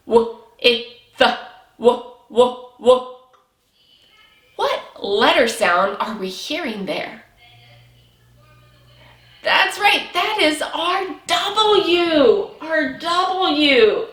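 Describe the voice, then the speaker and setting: A woman teaching young children to read, speaking slowly and cheerfully with lots of praise. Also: high-pitched, pushed and bright, echoey room. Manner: slow, exaggerated, encouraging teacher talk with praise. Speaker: preschool teacher. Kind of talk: early reading lesson for young children.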